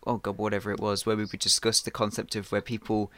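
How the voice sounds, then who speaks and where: A man's voice: lowish voice, completely flat delivery, fast, a bit bright, no echo. A man co-hosting a podcast, rambling casually with many fillers. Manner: rambling, laughs often. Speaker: podcast co-host. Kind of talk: casual chat.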